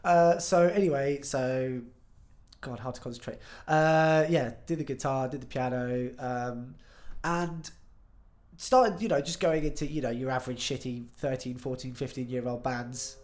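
A man's voice: medium pitch, measured pace, a little mellow. Chatty young man, swears freely. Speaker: musician guest. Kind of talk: casual podcast chat.

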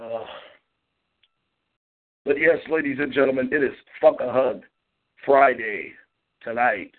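A man's voice: medium pitch, unhurried. A man hosting a call-in show, delivering a brash, boastful and profane monologue. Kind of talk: solo call-in radio monologue. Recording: phone-like lo-fi call-in audio.

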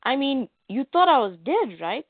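Pushy male reporter read by a woman, higher voice, thin phone-line audio. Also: sing-song, normal speed, no echo. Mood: pressing. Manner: light read-aloud of comic dialogue. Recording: tinny phone-like dry audio.

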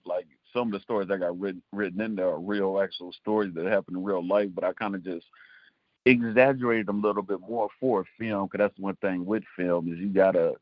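A man's voice: deep voice, dry recording, muffled recording. A man guest telling rambling stories in a casual interview, full of fillers like "and stuff". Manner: rambling, storytelling with filler words. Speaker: filmmaker guest.

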